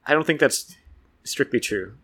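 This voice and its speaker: Male co-host, mid-pitched, bright voice, dry teasing delivery. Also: lively intonation, normal speed. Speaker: podcast co-host. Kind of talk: casual podcast chat.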